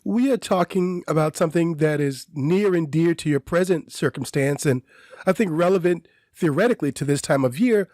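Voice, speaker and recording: A man co-hosting a podcast, laying out an academic argument in a measured, lecturing way through strings of questions. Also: a little high, darkish tone, no room sound, clean studio sound. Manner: measured, lecturing, builds points in lists of questions. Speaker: podcast co-host. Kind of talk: academic discussion.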